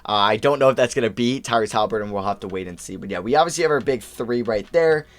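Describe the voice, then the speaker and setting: A young man giving casual, chatty commentary over a basketball video game, thinking aloud and reacting quickly as he plays. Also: medium pitch. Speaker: gaming YouTuber.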